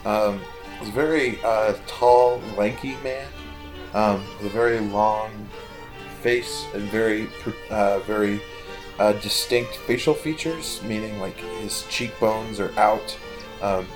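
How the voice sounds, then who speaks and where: A man playing a tabletop game, describing his characters hesitantly with many fillers. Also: lowish voice. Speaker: player.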